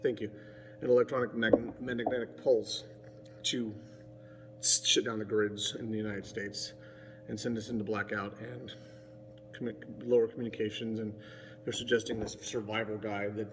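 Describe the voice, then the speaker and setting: A man's voice: lowish voice, flat delivery, normal speed, big-room sound, background noise. A man rambling casually to camera as a vlogger, digressive and self-mocking.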